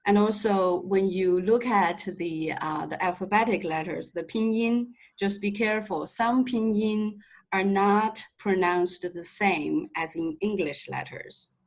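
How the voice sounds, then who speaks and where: Patient, slow-speaking woman teaching Mandarin. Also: mid-range voice, rough recording. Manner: patient, explains step by step with light humor. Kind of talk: online language lesson. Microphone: video call.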